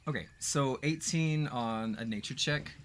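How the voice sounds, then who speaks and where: A man running a tabletop game as game master, who narrates in a relaxed, rambling way with lots of fillers. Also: mid-range voice, unhurried, soft background music.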